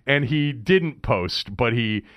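A man's voice: medium pitch, lively intonation, slow pace, a bit bright, dry recording, clean studio sound. A middle-aged man hosting a sports radio show, telling a rambling story in a casual, chatty way. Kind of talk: casual monologue. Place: radio studio.

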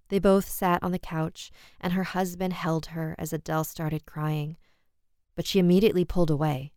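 A woman narrates a scripted horror story in a measured, dramatic way, her low voice smooth, resonant, level, and a little mellow. The recording is dry and close, with no room sound or echo.

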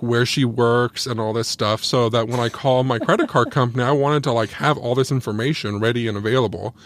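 A man's voice: mid-range voice, no echo. A man who works as a crime journalist, guesting on a podcast and telling a story in casual chat, saying "like" constantly. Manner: says "like" constantly, quotes himself in lively asides.

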